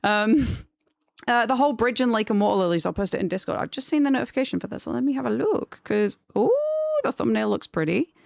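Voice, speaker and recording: A young woman chatting casually on a live stream, rambling and gushing when excited. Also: fairly high pitch, fast talker, vocal fry, dry recording, clean studio sound.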